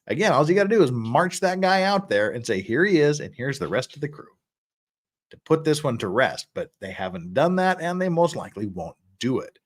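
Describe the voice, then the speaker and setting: Lively, chuckling male livestream host. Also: fairly high pitch, a little fast. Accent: American. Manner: lively, rambling, chuckles often, restarts words. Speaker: livestream host reading chat. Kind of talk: casual livestream chat.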